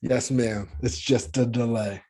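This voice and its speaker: A man's voice: medium pitch, fairly even intonation, unhurried, warm tone. A man from the USA co-hosting a podcast, laid-back and teasing in casual chat. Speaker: podcast co-host.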